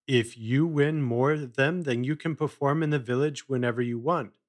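A man voicing a polite, determined young boy who speaks calmly. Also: medium pitch, moderate pace, lightly acted. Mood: polite, firm. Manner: polite, calm.

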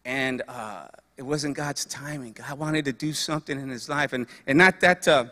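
A man's voice: medium pitch, moderate pace, sharp tone, big-room sound. A man preaching a sermon, telling stories earnestly and repeating phrases for emphasis.

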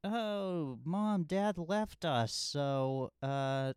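A man's voice: a little high, animated, drawn-out words, darkish tone, clean tone, dry recording, clean studio sound, pitched above the performer's own voice. A man voicing an earnest young boy who talks determinedly to his mother.

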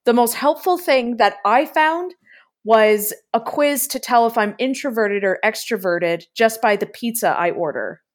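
A woman's voice: on the high side, lively intonation, unhurried. A woman co-hosting a podcast in casual chat, hesitant and stumbling over her words. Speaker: podcast co-host.

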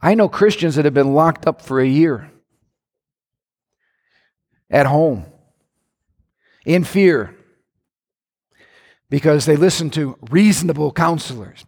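Animated high-voiced preacher in a reverberant hall. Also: male voice, slow, pauses often. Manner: animated preaching with sudden shouts and playful mimicry. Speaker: pastor. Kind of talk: sermon. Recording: long church hall reverb.

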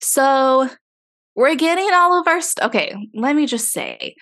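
A woman telling a casual story, animated, swearing freely and acting out the dialogue. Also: high-pitched, measured pace.

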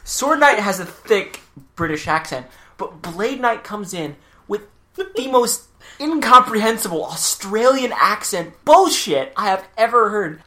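A woman co-hosting a casual chat, telling the story in an animated way and reading from her notes. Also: mid-range voice, a little slow. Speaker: podcast co-host. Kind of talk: casual chat recapping a cartoon episode.

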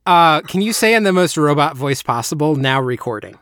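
A man's voice: fairly high pitch, animated, fairly quick, heavy background noise. A man hosting a casual podcast chat, hesitant and full of ums as he organizes the group. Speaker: podcast host.

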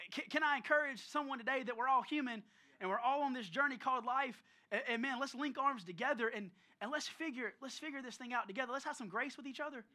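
A man preaching as a pastor, telling a story in a lively, conversational way and calling out listeners by name. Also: very high-pitched. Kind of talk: storytelling sermon. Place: church service.

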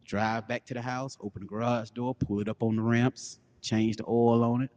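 A man co-hosting a casual comedic podcast, telling animated stories and slipping into low, breathy put-on voices. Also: normal speed, hardly any pauses, big-room sound. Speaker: podcast co-host.

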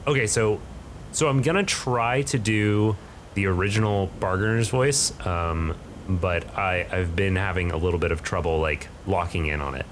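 A man with a lowish voice narrates a tabletop game as game master. He halts and restarts as he describes things. A faint rumble hums behind him. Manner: halting, lots of fillers and restarts.

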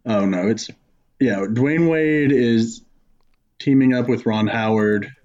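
A man's voice: mid-range voice, slow pace, a little mellow, dull audio. A man co-hosting a comedy podcast, rambling and jokey, laughing often as he riffs. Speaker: podcast co-host. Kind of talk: casual comedy podcast banter.

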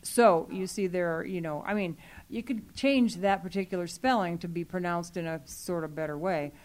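A woman's voice: lowish voice, normal speed, darkish tone. A woman talking through an issue at a group meeting, earnest and explanatory, with many fillers. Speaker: library program staff speaking to a user group. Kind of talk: meeting discussion.

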